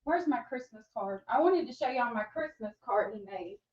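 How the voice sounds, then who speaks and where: A woman hosts a casual livestream and chats along, gushing and greeting her viewers by name. Her voice sits fairly high. Her webcam mic gives the sound a dull, lo-fi quality. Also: expressive, moderate pace, breathy edge. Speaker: livestream host.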